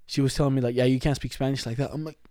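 A man's voice: mid-range voice, steady tone, rapid-fire, dark tone, dry recording, clean studio sound. A man co-hosting a casual podcast, telling slangy stories full of laughs and acted-out quotes. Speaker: podcast co-host.

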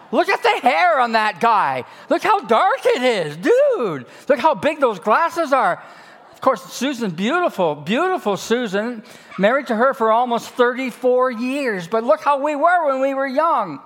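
A man's voice: very high-pitched, very animated, measured pace, a bit bright. A man in his sixties preaching a sermon with personal stories, folksy and joking with emphatic delivery.

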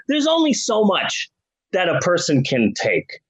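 High-voiced man ranting in mock outrage. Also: wildly swooping pitch, a little slow, slightly rough, highs cut off. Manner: theatrical outraged ranting, profane. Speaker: podcast co-host. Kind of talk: comedic ranting podcast chat.

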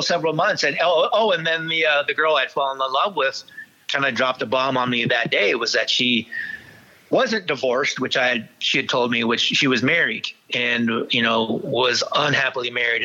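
Speaking candidly about his earlier life as a guest in an interview, the man halts frequently, starts sentences over, and fills gaps with fillers. The sound quality is dull and lo-fi, while his voice is bright, forceful, and mid-pitched for a man.

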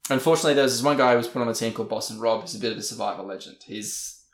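A man's voice: mid-range voice, racing. Laughing storyteller man in an echoey room. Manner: animated storyteller, laughs mid-sentence, acts out quoted people. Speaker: podcast co-host. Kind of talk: casual chat. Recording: roomy echo.

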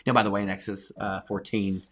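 An earnest pastor talks in a relaxed church podcast, his voice sitting a little low. He leans on key words and repeats them for emphasis, steady and sincere. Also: fast. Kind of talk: conversational church podcast talk.

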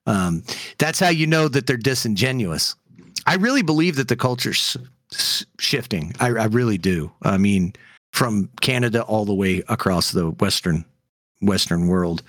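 A man's voice: lowish voice, animated, moderate pace, fairly bright tone, dry recording, clean studio sound. A man co-hosting a podcast, ranting heatedly in casual chat with frequent fillers. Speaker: podcast co-host.

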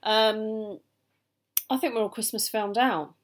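A woman's voice: on the high side, fairly even intonation, takes it slowly. A woman co-hosting a casual podcast chat, joking and giggling, rambling with lots of fillers. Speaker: podcast co-host.

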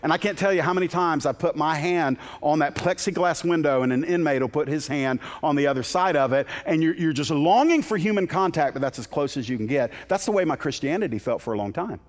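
A guest preacher delivers a fervent sermon in a fairly quick, higher-pitched voice with hardly any pauses, climbing to emphatic peaks and repeatedly starting his words over. Long hall reverb from the sanctuary fills the sound.

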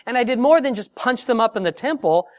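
A preacher voicing an earnest, zealous Paul. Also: male voice, very high voice, expressive, fast, pitched above the performer's own voice. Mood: earnest, emphatic. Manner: earnest, emphatic first-person retelling. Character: the apostle Paul, a zealous man defending himself. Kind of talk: sermon.

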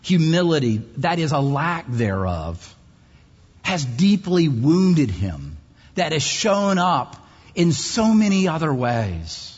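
A man preaching a sermon in an emphatic way, his pitch swinging widely, with long pauses. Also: big pitch swings, slightly rough. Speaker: pastor. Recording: muffled hall recording.

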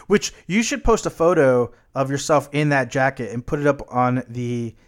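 A man's voice: medium pitch, moderate pace. A young American man co-hosting a podcast, chatting casually, laid-back and swearing, rambling a bit. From United States. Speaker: podcast co-host. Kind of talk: casual chat.

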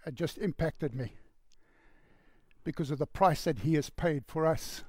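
A man telling a story in a sermon with a gravelly voice, earnest, and dropping to a hushed voice for the quoted lines. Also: a little high, measured pace, no room sound, studio quality. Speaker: preacher.

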